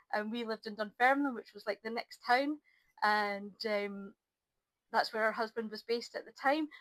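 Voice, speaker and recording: A middle-aged woman, talking casually to camera in a rambling, chatty way with lots of ums and restarts, a little low on energy. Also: fairly bright tone, no room sound, poor audio. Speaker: crafting vlogger. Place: at home by an ironing board.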